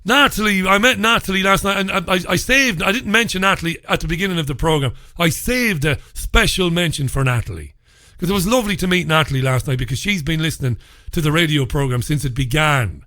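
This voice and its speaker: An English radio host with a slightly high voice talks fast in studio-quality audio with no room sound. Getting over a head cold, he hosts a casual show, chatting warmly, greeting listeners by name, and swearing mildly.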